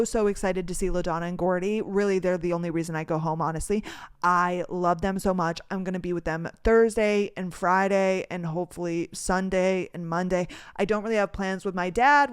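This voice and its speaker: A young woman from North Dakota hosting a casual solo podcast, telling stories with animated energy, acting out dialogue and swearing freely. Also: lowish voice, smooth. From North Dakota, USA. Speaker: podcast host.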